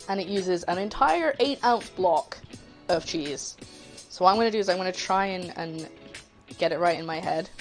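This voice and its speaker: A woman's voice: fairly low pitch, animated, moderate pace, soft background music. A woman hosting a cooking livestream, chatting casually and rambling, laughing easily as she greets her chat.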